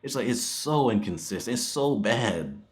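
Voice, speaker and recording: A man's voice: mid-range voice, expressive, moderate pace. A man giving a casual spoken movie review, rambling and chuckling as he goes. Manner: rambling, with frequent chuckles and fillers.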